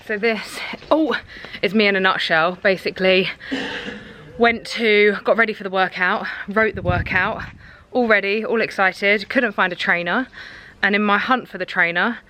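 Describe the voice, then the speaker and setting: A woman's voice: medium pitch, poor audio. Chatty young woman vlogging casually. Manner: chatty, rambling, upbeat. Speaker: lifestyle vlogger. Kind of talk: casual vlog chat to camera.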